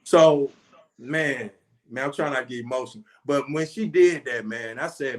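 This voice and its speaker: Interviewed about his story, the Atlanta rapper, a man in his forties, speaks sincerely and from the heart, peppering his talk with "man" and "you know." His pitch is medium and his speed normal.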